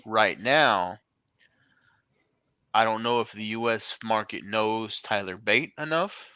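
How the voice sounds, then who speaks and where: A man's voice: lowish voice, takes it slowly, pushed and bright, clean tone, no echo. A man co-hosting a casual wrestling podcast, rambling and joking, swearing freely. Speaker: podcast co-host.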